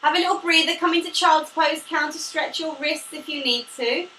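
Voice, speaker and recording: A woman's voice: sits high, moderate pace, pushed and bright. A woman teaching a pilates class, demonstrating the moves while she talks, upbeat and a little out of breath. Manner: upbeat, demonstrating while talking, laughs often. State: slightly out of breath from exercising. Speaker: pilates instructor. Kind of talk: live online fitness class instruction. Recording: echoey room, mic at a distance, faint hiss.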